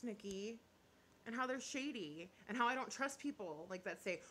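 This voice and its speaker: A woman chatting live with her viewers, her pitch swinging widely and her tone bright and forceful. She speaks bluntly and opinionated, laughs often, and apologizes half-jokingly when she thinks she's gone too far. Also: very animated, moderate pace, a little hiss or hum. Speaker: YouTuber. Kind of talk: casual live chat reading viewer comments.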